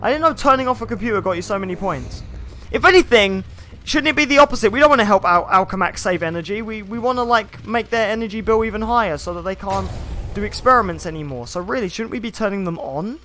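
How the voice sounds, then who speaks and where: A young man streaming a video game, chatting casually and excitably with lots of filler words as he plays. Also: sits high, fast. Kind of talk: live gameplay commentary. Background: faint game music.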